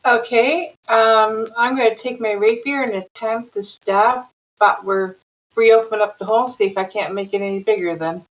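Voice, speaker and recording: A woman's voice: on the high side, normal speed, dull audio. A woman playing a character in a live-streamed tabletop game, talking casually and a little hesitantly. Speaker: player.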